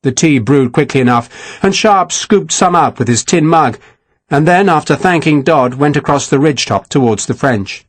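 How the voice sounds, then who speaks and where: A man narrating a historical war novel in a measured, expressive storytelling manner. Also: on the high side, dry recording. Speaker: audiobook narrator. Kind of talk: scripted narration.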